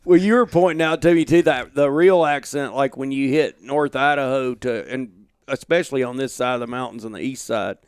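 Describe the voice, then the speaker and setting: A man's voice: mid-range voice, a little fast, few pauses, clear, resonant tone, no echo. A middle-aged man, chatting as a podcast guest in an easygoing, storytelling way from his home office. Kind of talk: casual conversation.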